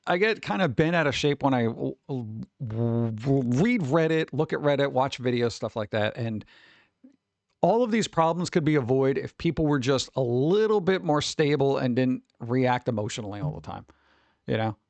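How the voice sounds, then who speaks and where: A man streamer rambling casually to his live chat, his middle-pitched voice carrying a gravelly, fry-edged texture. He swears freely and talks straight to his viewers. The sound is dry and close, with no room echo. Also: expressive, moderate pace, darkish tone.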